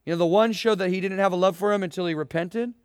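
A young man delivers a sermon in an earnest, emphatic way, firing rhetorical questions at his listeners. His voice sits fairly high for a man. The sound is dry and close, with little room around it. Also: fast talker, clear, resonant tone, no echo. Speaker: pastor.

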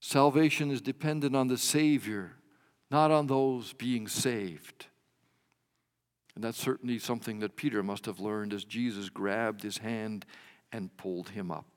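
A man preaching a sermon as a pastor, measured, rising to emphatic swells and dropping his voice at the ends of lines. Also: on the low side, long reverb tail.

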